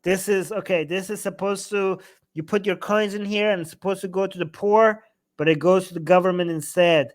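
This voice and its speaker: A man giving casual, animated reaction commentary while translating a video, often exclaiming and mimicking the lines he quotes. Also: high-pitched, normal speed.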